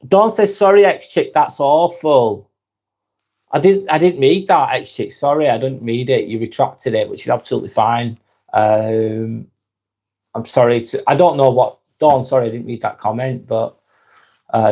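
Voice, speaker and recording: A man with a Lancashire accent talks to his viewers on a live stream, his voice sitting at an ordinary middle pitch. He reads out their comments and chuckles along with them. His manner is gentle and reflective throughout. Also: normal speed. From Northwest England.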